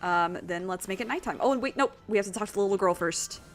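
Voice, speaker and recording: A woman's voice: medium pitch, fast, faint music behind. A woman streaming a video game and chatting casually with viewers, rambling and self-deprecating, with lots of fillers. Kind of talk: casual gaming stream chat.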